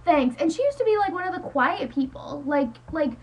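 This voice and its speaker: A woman's voice: very high voice, big pitch swings, a little fast, background noise. A teenage girl ranting into her webcam at home, rambling and exasperated, saying "like" constantly. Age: teens. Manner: exasperated, rambling, heavy use of "like". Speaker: high school student vlogger.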